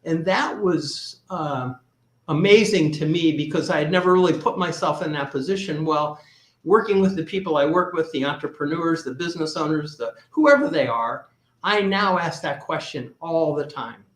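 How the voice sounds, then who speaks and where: Guy advisor telling a story on a podcast, kinda high-pitched voice, acts out the back-and-forth, echoey room. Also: moderate pace. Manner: anecdotal, replays dialogue in his story. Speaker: business advisor.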